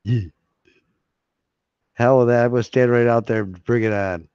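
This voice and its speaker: A man's voice: mid-range voice, steady tone, moderate pace, darkish tone, smooth, no room sound. A man hosting a live-stream hangout, chatting casually and rambling, often laughing and swearing. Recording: dry, slightly dull lo-fi sound.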